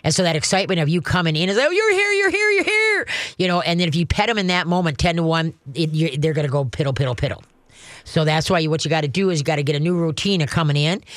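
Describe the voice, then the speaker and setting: A man hosts a call-in radio show and hands out dog training tips. His voice sits a little high for a man, and it is recorded close and dry in a studio. He rambles in a folksy way, with plenty of restarts. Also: fairly even intonation, very fast, no echo. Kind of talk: casual call-in radio chat. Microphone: studio microphone.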